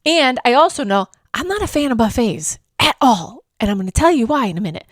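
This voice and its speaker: A woman hosting a travel vlog, telling her trip story in a chatty, animated way, poking fun at herself and laughing often. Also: fairly high pitch, brisk, no echo, studio quality. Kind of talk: casual storytelling review.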